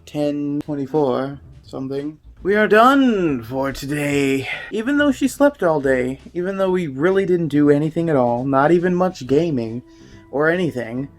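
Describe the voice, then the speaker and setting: Low-voiced, teasing woman vlogger. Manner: teasing, laughing. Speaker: vlog co-host. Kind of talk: casual home vlog chat.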